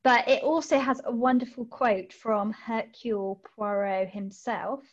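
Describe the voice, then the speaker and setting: Giggly woman podcaster, bright voice. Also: a little high, a little slow. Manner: giggly, animated, trails off into restarts. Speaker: podcast co-host. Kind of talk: casual podcast chat. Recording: lo-fi dull audio.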